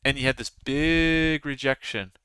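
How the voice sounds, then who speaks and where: A man's voice: medium pitch, unhurried, sharp tone, clear, resonant tone, no room sound. A man in his thirties hosting a live trading stream, chatting casually with his viewers as he comments. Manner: chatty, talks to viewers and chat. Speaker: livestream trading host.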